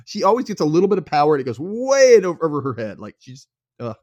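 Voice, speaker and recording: In a dry, studio-quality recording, a young Mississippi man with a slightly high voice talks at a quick pace. He hosts a podcast recapping a show conversationally, laughing often, animated, and voicing the characters.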